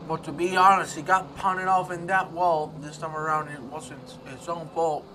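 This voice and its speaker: A man doing live commentary on a sim race, excitable and swinging from quiet asides to loud outbursts. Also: a little high, moderate pace, recorded from a distance, slight background noise.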